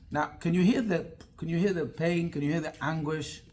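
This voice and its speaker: Male rabbi, slightly raised pitch, animated teacher who quizzes the room. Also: fairly quick, few pauses. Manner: animated, asks the class many rhetorical questions. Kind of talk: interactive Torah class.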